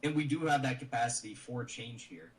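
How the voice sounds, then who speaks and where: A man's voice: medium pitch, lively intonation, a little fast. A man giving political commentary in an earnest, lecturing way, heard in a played clip. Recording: distant clip with faint noise.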